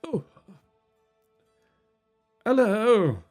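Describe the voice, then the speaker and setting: A man voicing an absent-minded elderly gnome shopkeeper in a tabletop game, in a high quavering voice. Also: very animated, drawn-out words, darkish tone, soft background music, full character voice. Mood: doddering.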